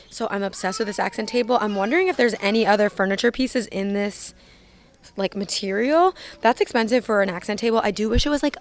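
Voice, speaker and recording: A young woman filming a casual walkthrough in a big store, chatting loosely and reading out prices as she goes. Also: medium pitch. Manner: chatty, lots of "like", reads out prices. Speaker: shopping vlogger. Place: inside a large retail store.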